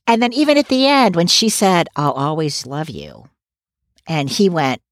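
Opinionated woman podcast co-host, low voice. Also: sing-song, normal speed, dry recording, clean studio sound. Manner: opinionated, emphatic, frequent asides. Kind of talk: casual recap chat.

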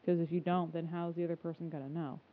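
A woman's voice: lowish voice, level tone, quick pace. A woman co-hosting a podcast, chatting casually with lots of "like" fillers. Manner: chatty, filler-heavy, laughs often. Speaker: podcast co-host. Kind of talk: casual chat. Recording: tinny phone-like sound.

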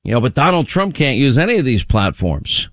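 A man's voice: mid-range voice, big pitch swings, a little fast, a bit bright, dry recording. Talk radio host, male, dry close studio sound, wry and rambling.

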